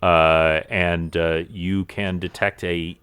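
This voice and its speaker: A man's voice: deep voice, flat delivery, slow, fairly bright tone, clear, resonant tone, no echo. A man narrating a tabletop game as game master, with many fillers.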